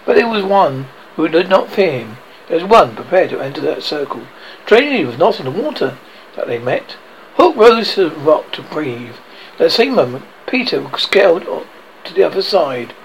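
Gravelly man reading a storybook, stumbling often. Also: a little high, slight background noise, low-quality recording. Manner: stumbles and corrects himself often. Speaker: reader.

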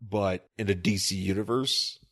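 A man's voice: fairly low pitch, moderate pace, a bit bright, breathy edge. A man co-hosting a podcast in casual chat, rambling and joking, often laughing at his own riffs. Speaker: podcast co-host.

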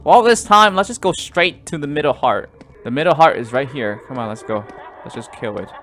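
A man commentating a horror game let's play, jumpy and easily startled, swinging between loud yelps and quiet muttering. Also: medium pitch, expressive, a little fast. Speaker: gaming YouTuber.

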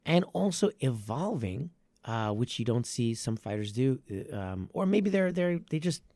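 A man who runs a martial arts academy, talking casually on a podcast with lively stress and frequent restarts. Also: medium pitch, normal speed, no room sound. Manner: animated, with many restarts and stressed phrases.

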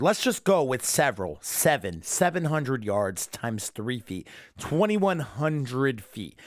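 A man's voice: mid-range voice, no room sound, clean studio sound. A drunk man ranting alone about an episode he disliked, angry and full of swearing. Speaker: anime reviewer. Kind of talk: solo episode review rant.

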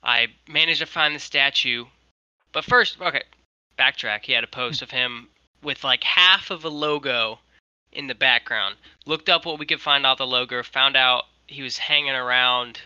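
A man's voice: mid-range voice, moderate pace, smooth, dry recording, lo-fi sound. A young man, a guest on a video call, telling a long rambling story and acting out what people said. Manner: rambling, animated, quotes people. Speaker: guest, merch designer. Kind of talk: casual storytelling.

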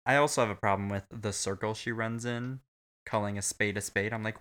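A man's voice: lowish voice, steady tone, moderate pace, fairly bright tone. A young man co-hosting a casual movie review chat, crude and sarcastic, laughing often. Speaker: podcast co-host.

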